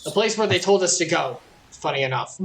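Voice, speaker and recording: A man's voice: on the high side, expressive, a little fast, vocal fry, fairly bright tone, distant mic, poor audio. A man streaming a video game, chatting casually and joking, reading game dialogue aloud in voices. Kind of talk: casual let's-play chat.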